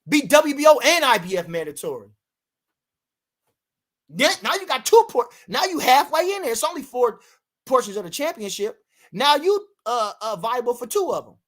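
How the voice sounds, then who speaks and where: A man's voice: extremely high pitch, sing-song, normal speed, fairly bright tone. A man, reading chat comments on a livestream and reacting in a brash, profane way that repeats points for emphasis.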